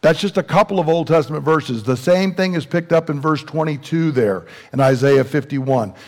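A man from the South, preaching a sermon with earnest questions and slow, emphatic drops in his voice. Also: on the high side, a little mellow. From American South. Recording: long hall reverb.

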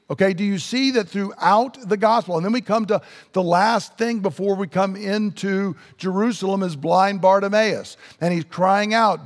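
High-voiced preacher in a reverberant hall. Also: male voice. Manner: earnest, emphatic, slows down to stress key words. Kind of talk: sermon.

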